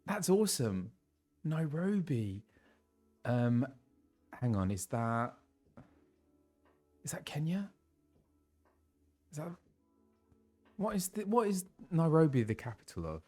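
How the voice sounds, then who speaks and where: A young British man chatting casually on a live stream and greeting viewers, his voice a little low as he recovers from laryngitis. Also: very animated, unhurried, pauses often, a little mellow, faint music behind. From England. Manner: chatty, reads out viewers' messages with laughs and fillers. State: recovering from laryngitis, voice lower than usual.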